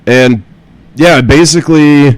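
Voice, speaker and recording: A man's voice: on the high side, a little slow, dry recording, rough recording. A man hosting a podcast, reading a news story aloud and riffing on it, swearing and laughing often. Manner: profane and joking, laughs often, reads with fillers. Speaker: podcast host.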